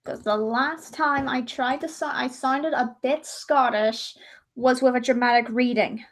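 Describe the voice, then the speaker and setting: A woman's voice: high voice, steady tone, measured pace. A young woman chatting casually on her livestream, rambling and often breaking off to restart her sentences. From Ireland.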